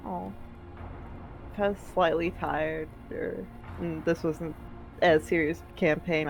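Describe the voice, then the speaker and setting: A woman's voice: deep voice, fairly even intonation, slow pace, creaky, faint music behind, rough recording. A woman playing in a tabletop game, chatting casually with hesitant restarts and frequent laughter. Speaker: player.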